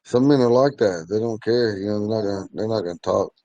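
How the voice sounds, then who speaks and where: A man's voice: lowish voice, quick pace, warm tone, no echo, muffled recording. Man, language teacher, chatty storyteller, laughs a lot, dry close sound. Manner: laughs often while telling stories. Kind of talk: casual storytelling in class.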